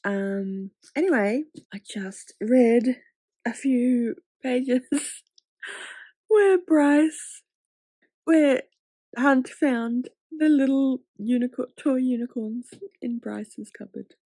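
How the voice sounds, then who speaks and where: A woman chatting in a casual reading vlog, excitable and gushing, sometimes dropping to a whisper. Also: on the high side, slow, dry recording. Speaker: book vlogger.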